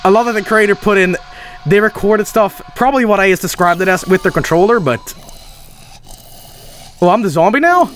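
A young man commentating his game stream live, swearing frantically and laughing nervously. His voice sits high and swings widely in pitch, with a bright, sharp edge. Faint music plays underneath. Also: expressive, brisk, long pauses, slight background noise.

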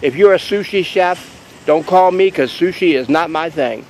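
A man's voice: on the high side, moderate pace, slight background noise, poor audio. A man chatting casually to camera in a vlog outside a store, rambling and joking about deals. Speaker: vlogger.

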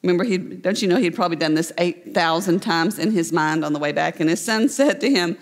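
A woman pastor preaching a sermon, retelling a parable with animated storytelling. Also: lowish voice, brisk, hardly any pauses, in a large hall. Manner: storytelling, voicing the characters in the parable. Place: church sanctuary.

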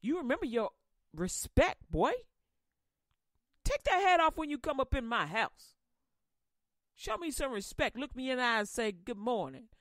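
A stern old grandpa scolds a boy and demands respect, as a woman puts him on. The delivery is lively and commanding. Dry, close recording. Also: sits high, moderate pace, long pauses, no echo.

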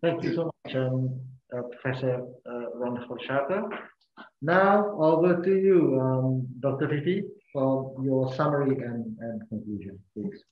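A man's voice: mid-range voice, unhurried. A man moderating a webinar over a video call, polite, often repeating words as he restarts. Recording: echoey muffled call audio.

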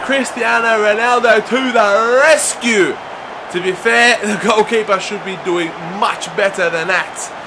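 A young man giving excitable, often shouted commentary while playing a football video game. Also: high voice, background noise. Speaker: gaming YouTuber.

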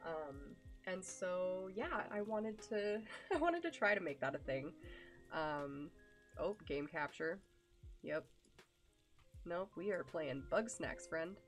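A woman's voice: lowish voice, lively intonation, slow pace, soft background music. A young woman streaming live, chatting casually with her viewers in a gushing, affectionate way, full of ums and likes.

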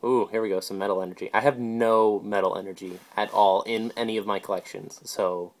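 A man casually opening a pack of trading cards on camera, calling out each card name in quick, offhand bursts. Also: lowish voice, fairly even intonation. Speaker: video host.

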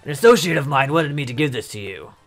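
A man voicing an earnest, remorseful former gang leader from a video game, speaking a little higher than an everyday male voice. He sounds apologetic and sincere. Faint game music plays underneath. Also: lively intonation, quick pace, natural voice. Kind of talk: reading game dialogue aloud.

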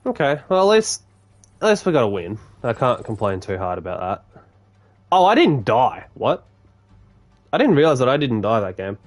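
A young man streaming a game, chatting casually with viewers in a rambling, relaxed way, swearing now and then and restarting his sentences. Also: medium pitch, moderate pace. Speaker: gaming streamer. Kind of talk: casual live-stream chat while gaming.

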